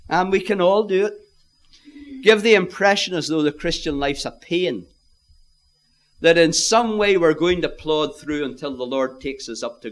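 Animated, high-voiced male preacher. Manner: emphatic, earnest preaching that addresses listeners directly. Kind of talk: sermon.

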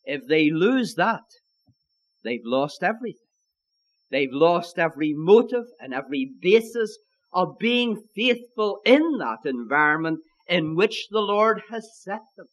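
A man's voice: high-pitched, big pitch swings, unhurried, fairly bright tone, low-quality recording. A man with an Irish accent preaching a sermon, emphatic, repeating his key lines and calling his listeners his friends.

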